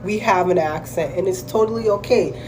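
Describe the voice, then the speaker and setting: A woman's voice: on the low side, a little fast, background noise. A Kenyan woman speaking with a Kenyan accent in a casual, opinionated clip, emphatic and exasperated. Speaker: commentator in a reaction clip.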